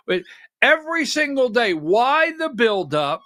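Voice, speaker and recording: A middle-aged man hosting a livestreamed political commentary show, talking in an animated, rhetorical way, often asking "right?" and rising to near-shouting when worked up. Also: high voice, measured pace, dry recording, studio quality. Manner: talks while fumbling with on-screen clips.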